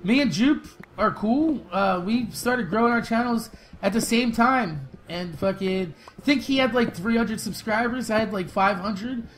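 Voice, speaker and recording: A young man hosting a gaming channel, telling stories and answering viewer questions in loose, profane, laughing chat that flares into excited shouts during fights. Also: sits high, measured pace, rough recording. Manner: loose, profane storytelling with frequent laughs and fillers. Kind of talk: casual gameplay commentary with viewer Q&A.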